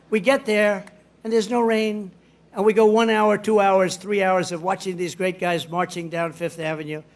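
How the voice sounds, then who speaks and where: A man giving a rally speech in a rambling, boastful, digressive way. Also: sits high. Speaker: politician addressing a rally.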